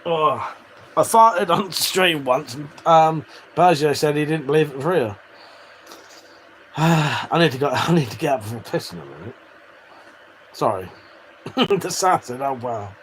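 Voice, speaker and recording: A British man talking to his live-stream chat in a loose, teasing way, swearing freely. His voice sits a bit high for a man and jumps around a lot as he banters. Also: animated, a little slow, long pauses, a little hiss or hum. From United Kingdom.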